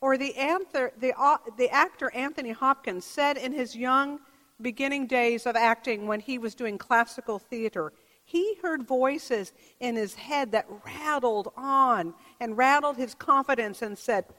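A woman pastor delivers a measured, reflective sermon, posing questions to her congregation. Her voice sits a little high and her pace is unhurried. The church around her adds a long, lingering reverb. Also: a bit bright. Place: church sanctuary.

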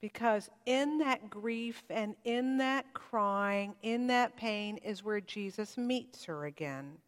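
A woman pastor delivers a church sermon in a heartfelt, reflective way, pressing into some phrases and letting others grow quiet. Her voice is medium-pitched and slow, with the sound of a big room.

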